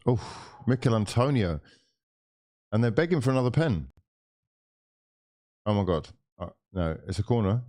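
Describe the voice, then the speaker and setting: Medium-pitched and a little mellow, this young man's voice drives a live match watchalong in which he curses constantly, exasperated with players and referees alike.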